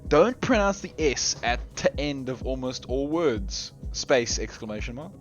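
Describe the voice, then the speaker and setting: A man's voice: mid-range voice, sing-song, unhurried. A man giving live commentary on a game tournament, reading chat aloud and joking with viewers, laughing often. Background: faint game music.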